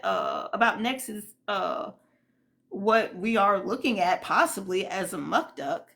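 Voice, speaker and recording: A woman's voice: fairly high pitch, a bit bright. A woman hosting a casual livestream, greeting viewers and giving indignant, rambling commentary full of fillers. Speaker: livestream host.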